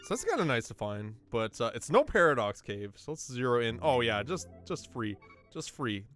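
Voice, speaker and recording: A man casually commentating a video game race for his chat, excitable and laughing often, with sudden bursts of loud disbelief. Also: mid-range voice, moderate pace, faint music behind.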